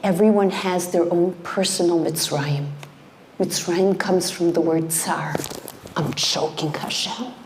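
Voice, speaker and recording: Impassioned woman preaching in slow, gravelly tones. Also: on the low side, fairly even intonation, noisy background. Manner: impassioned, dropping to hushed whispers for emphasis. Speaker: speaker at a community event. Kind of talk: sermon.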